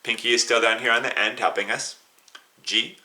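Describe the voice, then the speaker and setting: A man's voice: medium pitch, fairly even intonation, moderate pace, pushed and bright. A man teaching a beginner flute lesson, patiently coaching students, counting them in and singing note names and tonguing syllables.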